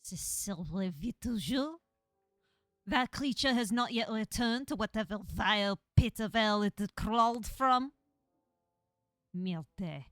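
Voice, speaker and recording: A woman voicing a disdainful cat with a French accent, speaking slowly and grandly with open contempt. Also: mid-range voice, lively intonation, fairly bright tone, no room sound, faint music behind. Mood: scornful. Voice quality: haughty, contemptuous, slow and grand.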